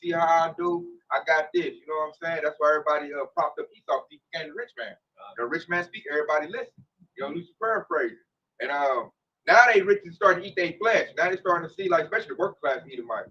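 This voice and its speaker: A man leading a casual religious discussion, talking in a slangy, emphatic, animated way. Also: fairly high pitch, racing, husky, distant mic, dull audio.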